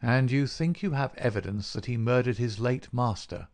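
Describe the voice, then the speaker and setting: A man's voice: medium pitch, moderate pace, a little mellow, natural voice. A man doing a confident, keen detective.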